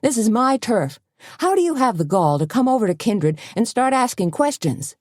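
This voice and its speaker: A man's voice: very high voice, sing-song, moderate pace, no room sound, studio quality, voice pushed up, heavily acted. A woman voicing a peevish, indignant middle-aged male reporter in an audiobook, sputtering with outrage. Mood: outraged. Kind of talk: audiobook character voice.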